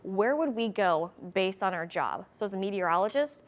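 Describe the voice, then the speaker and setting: A woman's voice: mid-range voice, expressive, moderate pace. A woman hosting a casual chat show with her weather colleagues. She sounds upbeat, laughs often and keeps the conversation moving. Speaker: host, TV weather team member.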